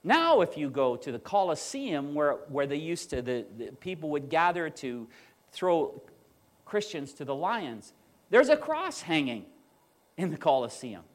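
A pastor delivering a sermon to his congregation. His voice sits high and moves all over the place. He tells stories with animated emphasis and acts out the people he quotes. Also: measured pace. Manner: animated storytelling, quoting others with emphasis.

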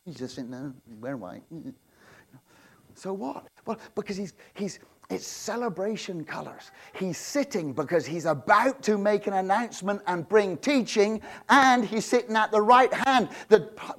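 A man preaching a sermon, swinging between loud proclamations and quiet asides, often repeating and restarting words. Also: very high voice. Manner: self-interrupting, repeats words. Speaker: pastor.

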